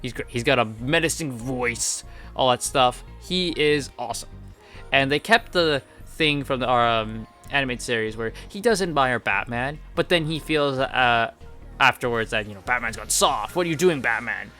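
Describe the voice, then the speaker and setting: A man's voice: mid-range voice, expressive, normal speed, sharp tone, soft background music. A man giving casual, enthusiastic video game commentary, rambling with lots of fillers. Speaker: gaming video creator.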